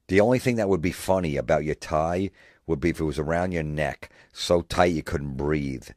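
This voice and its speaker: A man's voice: low voice, brisk, a little mellow, no echo, studio quality. A man hosting a podcast, ranting in a profane, sarcastic way and mocking people in put-on voices. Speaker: podcast host. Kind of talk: comedic rant.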